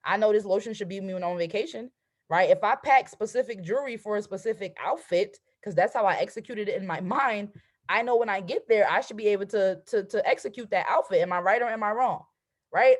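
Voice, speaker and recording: A woman giving a motivational talk as a coach. She speaks conversationally and with energy, asks her listeners "right?" again and again, and acts out excited affirmations. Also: mid-range voice, fairly quick. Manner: conversational, keeps asking "right?". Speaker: trading and mindset coach.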